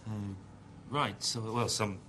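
A man's voice: lowish voice, fairly even intonation, slow pace, sharp tone, slight background noise. An actor playing a polite male training-seminar leader who stumbles and hedges his words.

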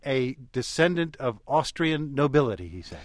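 Man, mid-pitched interview host, wry prompts; dry close mic. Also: very animated, normal speed, no room sound. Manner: leading questions, wry asides.

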